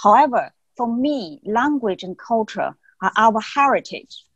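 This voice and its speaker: A woman researcher, a guest on a webinar panel, speaking in a measured way and occasionally searching for words, over a video call. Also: a little high, lively intonation, fairly bright tone, breathy edge, no echo, lo-fi sound.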